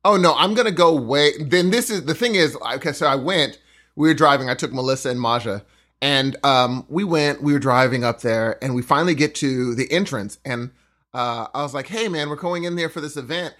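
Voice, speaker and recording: A man's voice: mid-range voice, moderate pace, fairly bright tone. A man co-hosting a podcast, telling a story in casual chat and acting out other people's lines. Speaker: podcast co-host.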